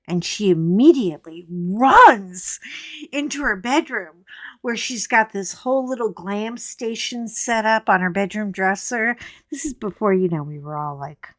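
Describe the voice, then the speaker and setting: A woman's voice: medium pitch, animated, measured pace, dry recording, clean studio sound. A woman hosting a casual video from home, chatting and telling a story into a desk microphone, laughing often and breaking into acted quotes. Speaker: vlog host.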